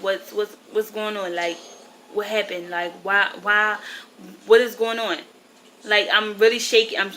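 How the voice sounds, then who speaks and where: A woman's voice: mid-range voice, bright, forceful tone, a little hiss or hum, poor audio. A woman in her twenties, upset and grieving, telling a rambling personal story to camera and often correcting herself. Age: 20s. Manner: rambling, emotional, self-correcting. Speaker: vlogger.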